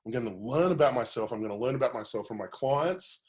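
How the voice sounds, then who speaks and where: A man, a coach telling his personal story in a webinar, candid and animated, with many fillers. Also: medium pitch, quick pace.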